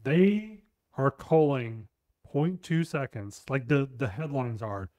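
A young man co-hosting a podcast, talking in a loose, rambling way and cursing without a second thought. His voice sits at an ordinary pitch and is recorded close and dry, with no room sound around it. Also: animated, a little slow, darkish tone, no room sound. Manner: blunt, rambling, swears casually. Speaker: podcast co-host. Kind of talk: casual chat.

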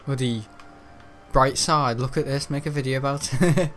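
A man's voice: mid-range voice, unhurried, fairly bright tone, slight background noise. A teenage young man giving rambling, chatty let's-play commentary while he plays, often laughing. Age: teens. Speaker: gaming video host.

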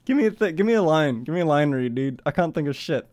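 A man's voice: a little high, expressive, fast talker, darkish tone. A man in his twenties chatting casually on a live stream, swearing freely, laughing often and rambling in a self-conscious way. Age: 20s.

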